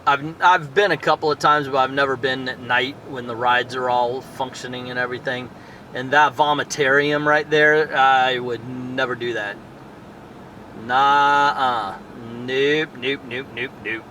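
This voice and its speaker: A man's voice: mid-range voice, steady tone, moderate pace, sharp tone, slight background noise. A man giving a casual, rambling movie review outdoors at night, thinking aloud with many fillers and tangents. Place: outdoors in a town area at night.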